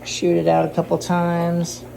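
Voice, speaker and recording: A man's voice: a little high, monotone, unhurried, vocal fry, warm tone, a little hiss or hum. A man hosting a casual home aquarium vlog, chatty and rambling, repeating himself and amused by his own jokes. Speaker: aquarium hobbyist channel host. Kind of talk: casual show-and-tell vlog.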